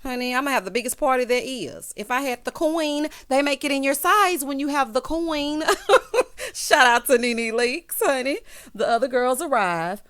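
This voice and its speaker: A woman's voice: high-pitched, normal speed, fairly bright tone, clean tone. A woman recapping a reality show in a sassy, chatty way, talking straight to the cast. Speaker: recap vlogger.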